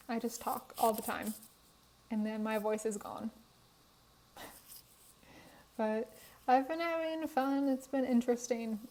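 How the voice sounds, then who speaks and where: A tired young woman who makes Sims speed builds chats casually in a voiceover about a game build, laughing often. Her worn voice is a little high and dark in tone, and the rough recording was made on her phone in her apartment room.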